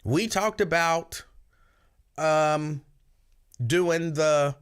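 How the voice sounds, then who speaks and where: Radio host man, chatty storyteller, voice a bit on the high side. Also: drawn-out words, clear, resonant tone. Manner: animated storyteller, breaks into shrill yelling impressions. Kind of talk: casual chat.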